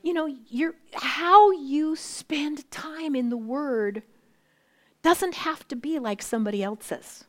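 Animated woman in her sixties, whispering asides. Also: sits high, slow. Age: 60s. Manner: animated and conversational, often dropping to a whisper for emphasis. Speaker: women's Bible study speaker. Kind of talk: faith talk to a live group.

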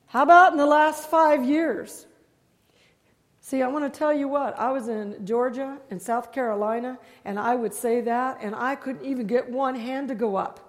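A woman with a high voice preaches a testimony-style sermon as a visiting speaker. She presses each point hard, repeats phrases and fires rhetorical questions at the congregation. Her voice rings out with a long reverb from a large church hall. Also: steady tone, moderate pace. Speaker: guest preacher.

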